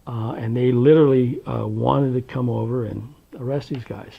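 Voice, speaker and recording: A man from Washington state recounting his past in an oral history interview, unhurried and wry, with plenty of ums and uhs. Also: medium pitch, steady tone, creaky, slightly rough, lo-fi sound. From Tri-Cities, Washington, USA. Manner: unhurried, wry storytelling with many fillers.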